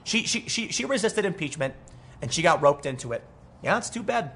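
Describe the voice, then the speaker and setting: A young man delivering an animated, rambling political commentary monologue, with frequent restarts. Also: on the high side, fairly quick, creaky, a little hiss or hum.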